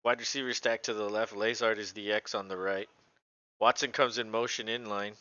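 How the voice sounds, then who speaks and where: A man's voice: fairly low pitch, little pitch movement, moderate pace, bright, forceful tone, no room sound, lo-fi sound. A man hosting a casual live play-by-play show from home, chatting and laughing between plays. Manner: chatty, laughs often, talks to his dog. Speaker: podcast host doing live play-by-play. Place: home room with his dog.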